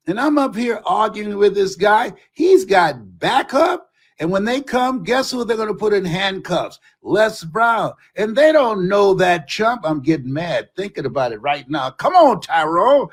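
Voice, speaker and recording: An older man giving a motivational talk, his voice pitched high and swinging widely as he tells stories. He often rises to a shout for emphasis. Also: slightly rough. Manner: animated storytelling, shouting for emphasis. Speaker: motivational speaker.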